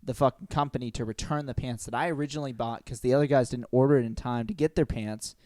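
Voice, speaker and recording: A man's voice: mid-range voice, fairly even intonation, fast talker, darkish tone, dry recording, studio quality. A young man co-hosting a comedy podcast, ranting a story with lots of swearing and laughter. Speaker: podcast co-host. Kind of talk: casual comedy podcast chat.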